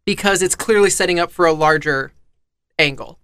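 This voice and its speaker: A co-host in a casual chat, halting and often repeating words. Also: mid-range voice, a bit bright, smooth, dry recording.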